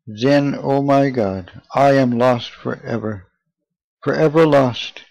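A man's voice: medium pitch, slow pace, vocal fry, a little mellow, dry recording. A man reading as a pleading young woman penitent. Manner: pleading, devout. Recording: dull lo-fi, dry.

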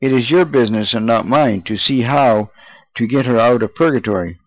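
A man's voice: mid-range voice, normal speed, dry recording, close to an everyday voice, poor audio. Brief: male narrator doing an older priest, curt and unfeeling, dry close sound. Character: hard-hearted older male parish priest.

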